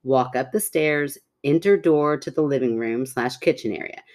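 A woman's voice: very deep voice, moderate pace, darkish tone. A woman co-hosting a podcast, chatting casually and reading listener stories aloud, laughing often. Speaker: podcast co-host.

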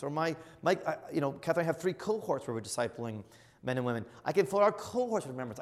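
A middle-aged man, a bishop, teaching in an earnest, emphatic sermon style that surges to loud exclamations. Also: a little high. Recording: long reverb of a large hall.

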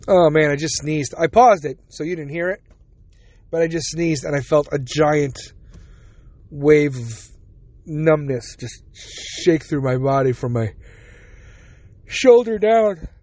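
A man's voice: on the high side, fairly even intonation, measured pace, darkish tone, no echo. A man hosting a casual solo podcast, talking bluntly and sarcastically, mocking the other side with put-on quotes, and yawning now and then. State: yawning, drowsy. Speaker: podcast host.

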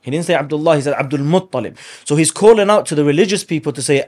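A man as a guest speaker, telling a religious story in conversation with animated emphasis and Arabic phrases. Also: a little high, fast, hardly any pauses.

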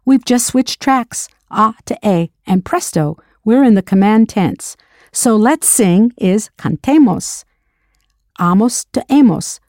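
A woman narrates a scripted audio language lesson with a warm, mellow tone. She is recorded close and dry. She patiently poses drill questions and confirms each answer. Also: a little high, animated, slow, no echo. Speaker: language teacher.

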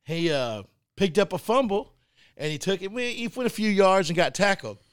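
A podcast co-host and youth football coach from Arkansas co-hosts a casual sports talk show, telling animated stories, laughing often, and restarting sentences. His high-pitched voice moves at a moderate pace with a clear, resonant tone, recorded dry with clean studio sound.

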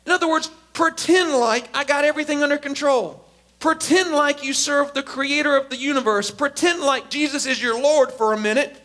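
A man preaching a sermon as a pastor, emphatic and animated. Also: very high voice, moderate pace. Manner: animated, emphatic, acts out quotes.

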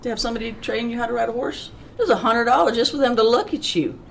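A middle-aged woman on a podcast telling lively stories, acting out the voices of the people in them, with folksy slang and a sarcastic streak. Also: on the high side, quick pace, gravelly, slight background noise. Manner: self-described sarcastic. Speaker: podcast guest. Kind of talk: animated storytelling.

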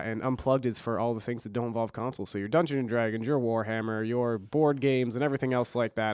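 Fast-talking stuffy young man co-hosting. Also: medium pitch, clean tone, no echo, studio quality. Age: young adult. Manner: rambling, self-correcting, jokey. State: stuffy from a cold. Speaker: college radio co-host. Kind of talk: casual college radio chat. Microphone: studio mic.

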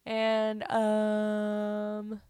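A woman's voice: mid-range voice, monotone, very slow, warm tone, clear, resonant tone, no echo, studio quality. Rambling woman podcaster with a cold. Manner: rambling, self-deprecating, joking. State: has a cold. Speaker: podcast host. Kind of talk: casual solo podcast chat.

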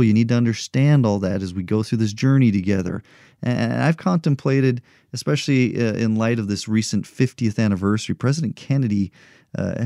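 A man's voice: lowish voice, creaky, dark tone, no room sound, clean studio sound. A middle-aged man hosting a motivational podcast, talking earnestly and encouragingly, repeating rhetorical questions to his listeners. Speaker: podcast host.

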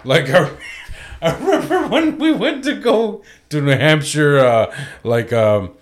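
Joking podcast man, lively voice. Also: a little high, measured pace. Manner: crude, joking, breaks into impressions. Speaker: podcast co-host. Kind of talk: casual comedy podcast banter.

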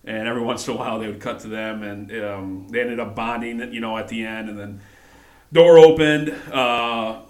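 A man's voice: on the low side, moderate pace, a little mellow, echoey room. A man co-hosting a casual wrestling recap, hesitant and full of fillers and restarts. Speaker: podcast co-host.

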